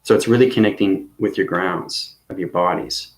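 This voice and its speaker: Rambling low-voiced man in echoey room. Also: normal speed. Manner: rambling, repetitive, checks in with "okay?" and "right?". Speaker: spiritual teacher. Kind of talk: casual instructional monologue.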